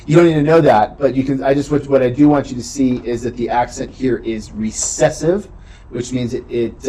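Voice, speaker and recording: A man teaches a beginning Greek class in a mid-range, mellow voice, explaining patiently and often checking in with "right?" The classroom lecture is a rough recording.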